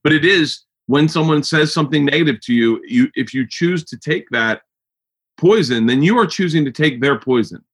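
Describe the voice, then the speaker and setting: A man's voice: a little high, animated, normal speed, breathy edge. A man hosting a podcast in casual chat, rambling and swearing, with many restarts. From United States. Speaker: podcast host.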